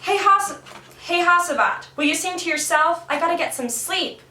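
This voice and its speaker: Grumpy sleepy puppet man, voiced by a woman, high and shouty, roomy sound. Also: lively intonation, moderate pace, distant mic, slight background noise, heavily acted. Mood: exasperated. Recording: roomy home room.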